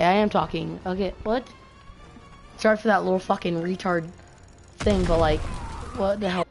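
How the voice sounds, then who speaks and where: Profane, frustrated woman gaming streamer. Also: medium pitch. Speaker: live streamer. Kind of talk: angry gaming live stream rant. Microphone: gaming headset mic.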